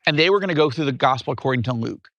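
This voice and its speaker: A man in his fifties from upstate New York, telling his life story as an interview guest in an animated way. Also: mid-range voice, very fast, no echo, muffled recording. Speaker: guest author.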